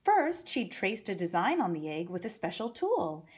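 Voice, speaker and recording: A woman reading a picture book aloud to young children, gently pointing out the pictures. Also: mid-range voice, very animated, normal speed, slightly rough. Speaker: storyteller.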